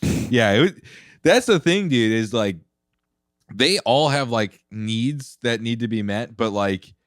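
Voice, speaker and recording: A man's voice: medium pitch, lively intonation, slow, no echo, clean studio sound. Laid-back young man telling a story. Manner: loose storytelling, laughs through lines, says "dude" a lot. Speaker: podcast co-host. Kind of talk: casual chat.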